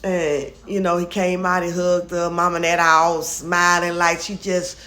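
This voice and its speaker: A woman's voice: fairly low pitch, flat delivery, a little slow, pushed and bright. A woman vlogger casually recapping a comedy skit, chatty and easygoing, slipping into the characters' lines as she retells scenes.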